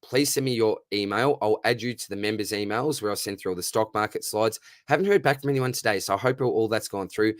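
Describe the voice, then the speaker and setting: Australian man, young, matey livestream host, lowish voice, dry mic. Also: fast, hardly any pauses, no echo. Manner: matey, upbeat, reads viewer questions aloud. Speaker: fantasy football livestream host. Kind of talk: casual live Q&A chat.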